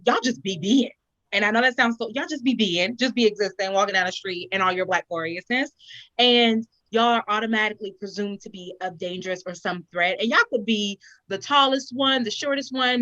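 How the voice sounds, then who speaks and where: Young adult woman, talk host, bright and expressive, dry dull recording. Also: medium pitch, no room sound. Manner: animated, expressive storytelling. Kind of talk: casual chat.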